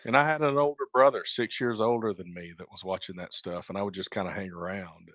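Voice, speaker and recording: A man runs through a countdown list in a casual panel chat, calm and low-key. His voice is close and dry, and his phrases often sink to a murmur at the end. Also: quick pace, no room sound. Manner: low-key, trails off quietly. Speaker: podcast host running the list.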